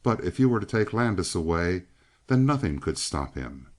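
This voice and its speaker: Man voicing a sly young woman in a western audiobook, lifted voice, lively. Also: low voice, moderate pace. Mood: wistful.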